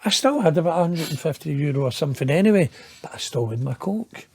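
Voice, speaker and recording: A Scottish man in his fifties spins a long, rambling tale as an interview guest, swearing freely and mocking himself. His voice sits on the higher side for a man. The sound is close and dry. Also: animated, quick pace, gravelly, breathy edge, dry recording. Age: 50s. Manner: rambling, profane, laughs at his own tale, self-mocking. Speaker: interview guest telling a story. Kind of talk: casual storytelling in an interview.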